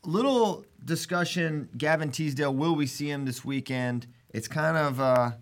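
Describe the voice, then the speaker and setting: A man hosting a casual talk show, chatting in an animated way and laughing often. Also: fairly high pitch, normal speed. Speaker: podcast host. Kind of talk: casual chat.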